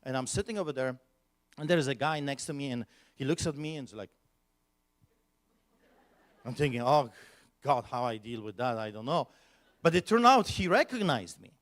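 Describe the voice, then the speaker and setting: A pastor telling a personal story at a conference, animated and emphatic, with sudden loud bursts. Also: male voice, medium pitch, normal speed, long pauses.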